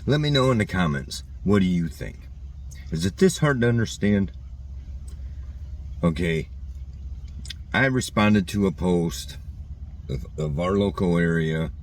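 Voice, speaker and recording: A man's voice: sits low, expressive, a little slow, long pauses, recorded from a distance, slight background noise. A man hosting his own vlog, ranting indignantly and mocking the commenters who disagree with him. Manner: indignant, repetitive, mocks opponents' comments. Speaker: channel host. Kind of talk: opinionated vlog rant.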